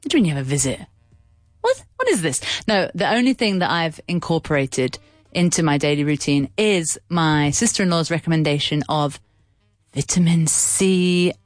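Chatty woman radio host, swooping pitch. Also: expressive, normal speed, no room sound, studio quality, soft background music. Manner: chatty, playful, laughs often, swoops up in pitch. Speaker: radio co-host and English teacher. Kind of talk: casual radio chat teaching English.

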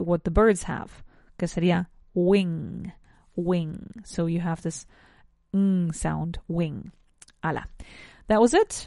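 A woman's voice: fairly low pitch, gravelly, a little mellow, dry recording, studio quality. Woman teaching English vocabulary. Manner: switches between English and Spanish, self-correcting, chatty asides. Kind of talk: bilingual lesson, teaching English vocabulary to Spanish speakers.

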